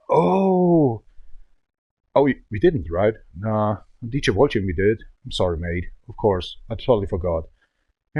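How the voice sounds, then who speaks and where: A man in his thirties from Germany with a German accent, chatting and joking in halting English while live-streaming a driving game. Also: fairly low pitch, a little mellow, breathy edge. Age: 30s. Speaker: gaming livestreamer. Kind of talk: casual livestream chat while drifting. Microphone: desk microphone. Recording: noisy stream with car sounds.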